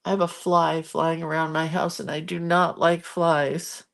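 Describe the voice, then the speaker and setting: Streaming live from the craft room in her home, a woman hosts a casual art session, chatting and greeting viewers by name. Her voice is low and creaky, with a level tone and a measured pace.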